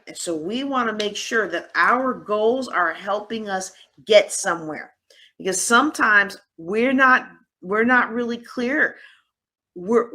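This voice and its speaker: A woman speaks to a live conference audience, her voice sitting a little high. She coaches in a lively, teasing way and leans into sarcasm to make her points. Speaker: host and workshop speaker. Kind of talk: live conference workshop talk. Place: conference room.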